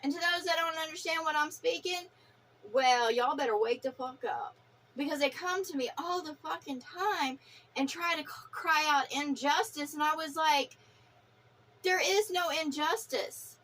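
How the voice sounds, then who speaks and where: Woman, high-pitched, preachy and profane, spiritual rant to camera, fiery and defiant. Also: normal speed, fairly bright tone, slight background noise. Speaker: vlogger.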